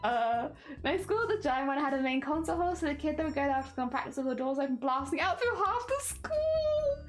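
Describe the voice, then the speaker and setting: A woman's voice: high voice, quick pace, faint music behind. A woman livestreamer chatting casually with viewers while crafting, giggly and rambling, laughing often.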